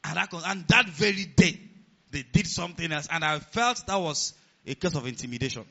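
A man preaching a sermon as pastor of a church, animated and rising to near-shouts. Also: a little high, fairly quick. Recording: dull lo-fi sound.

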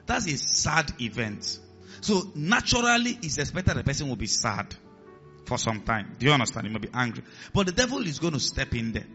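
A man's voice: mid-range voice, sing-song, brisk, sharp tone, highs cut off, faint music behind. A man preaching a sermon as pastor, acting out voices in his stories and dropping to a hiss for commands. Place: church hall with a congregation.

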